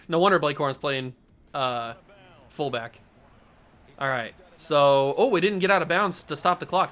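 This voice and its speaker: Young male gaming host; bright, punchy delivery, excitable play-by-play over a football game. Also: a little high. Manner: excitable play-by-play, gets loud on big plays. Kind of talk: video game commentary.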